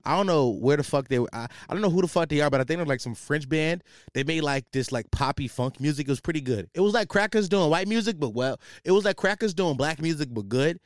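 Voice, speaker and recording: A man's voice: on the high side, expressive, fast, no echo, clean studio sound. A young man hosting a casual solo podcast, telling a rambling, profane story about his job, full of slang. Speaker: podcast host.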